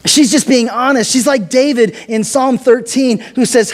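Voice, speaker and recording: A man's voice: extremely high pitch, moderate pace, few pauses. A man preaching a sermon as pastor, conversational and dramatic, acting out the figures' words with some humor.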